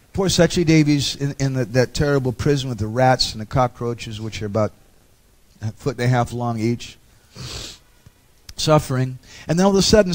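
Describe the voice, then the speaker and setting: A man's voice: mid-range voice, darkish tone. A man giving a storytelling lecture on a pilgrimage, with humorous asides.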